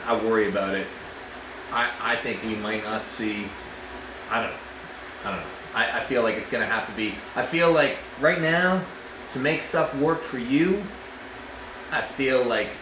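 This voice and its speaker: A Canadian man chats in a lively, rambling way, circling back over the same words as his enthusiasm builds. He sounds like he is in an echoey room, with noise audible behind him. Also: mid-range voice, moderate pace, long pauses. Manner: animated, rambling, repeats himself. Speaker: arm wrestler and show host. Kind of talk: casual chat.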